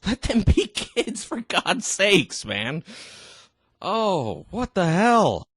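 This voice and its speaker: A tipsy man rants at a video he is watching, crude and laughing in disbelief. His voice sits a touch high and swings widely, and he talks slowly in a dry, close sound. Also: very animated, fairly bright tone, breathy edge, no echo. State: drunk. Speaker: vlogger reacting to a video. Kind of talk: ranting reaction commentary.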